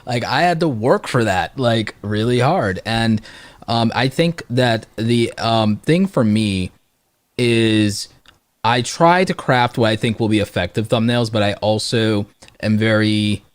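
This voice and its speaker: Low, dry-voiced motivational man. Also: measured pace, dry recording. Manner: emphatic, motivational, with frequent "like". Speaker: host YouTuber. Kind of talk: live stream discussion.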